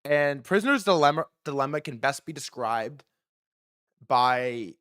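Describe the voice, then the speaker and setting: Young male stream host, casual profane storyteller, lively pitch, dry close mic. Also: measured pace, no room sound. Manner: animated, profane, switching voices for quoted people. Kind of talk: casual storytelling with acted quotes.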